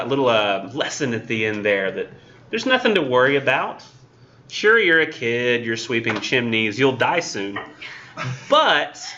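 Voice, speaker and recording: A man's voice: mid-range voice, sharp tone, dull audio. A man teaching a college English class in a casual, chatty way, with wry sarcastic asides.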